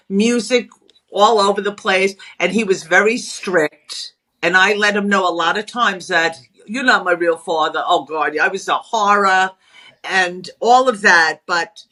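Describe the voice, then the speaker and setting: A middle-aged woman, talking as a guest in a casual interview. She tells stories in a brash, animated way and acts out what people said. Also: mid-range voice. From Long Island, New York. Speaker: guest, spiritualist author.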